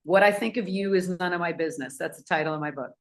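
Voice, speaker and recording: Woman telling a story to a crowd, lively, does little voices for people. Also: lowish voice, fast. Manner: animated, acts out voices in anecdotes. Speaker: speaker. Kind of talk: storytelling talk to an audience.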